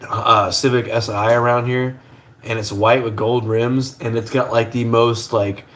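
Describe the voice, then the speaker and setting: A man's voice: mid-range voice, little pitch movement, measured pace, a bit bright. A young man hosting a casual livestream from his kitchen at the stove, rambling in a laid-back way and swearing casually. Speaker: livestream host.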